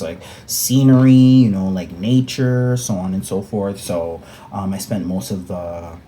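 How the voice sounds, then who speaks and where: A young man telling a story to the camera, joking and animated, with many filler words. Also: low-pitched, a little hiss or hum. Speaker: vlogger. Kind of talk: storytime vlog.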